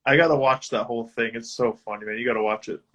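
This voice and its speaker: A man's voice: mid-range voice, fairly even intonation, fast talker, fairly bright tone, highs cut off. A man guesting on a casual video-call chat, retelling funny sketches eagerly with lots of fillers. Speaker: guest musician.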